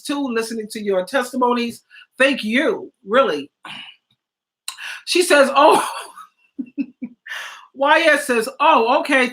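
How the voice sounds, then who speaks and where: A woman hosts a live stream, reading out viewer comments and reacting to a video. She is chatty and affectionate with her audience and laughs often. Her voice is high and bright. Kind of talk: casual live-stream chat.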